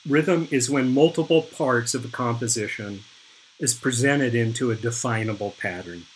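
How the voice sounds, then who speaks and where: A middle-aged man giving an art lecture, explaining slowly and pointing things out on images. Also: medium pitch, a little hiss or hum, poor audio. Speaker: art instructor. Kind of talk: recorded lecture over slides.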